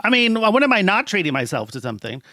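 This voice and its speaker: A man's voice: high voice, big pitch swings, fast, sharp tone, no echo, clean studio sound. A man guesting on a podcast in casual chat, tossing off wry jokes.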